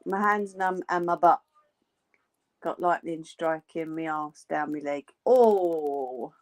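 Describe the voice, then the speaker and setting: A woman's voice: deep voice, steady tone, unhurried. A woman hosting a live crafting stream, chatting casually and joking with viewers as she sews, a little tired. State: tired, yawning. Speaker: crafting livestream host. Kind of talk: casual chat while sewing live.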